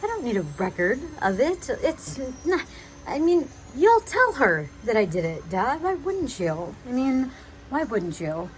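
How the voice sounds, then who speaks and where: A young woman recording a pleading, emotional video message to her father, agitated and halting, often restarting her sentences. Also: high voice, very animated, slight background noise, low-quality recording. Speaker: vlogger addressing her father.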